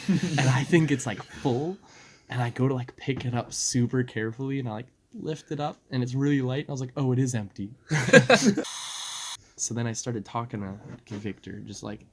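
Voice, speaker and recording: A young man on a podcast, telling stories casually, laughing and quoting friends in raised voices. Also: medium pitch. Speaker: podcast co-host. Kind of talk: casual storytelling.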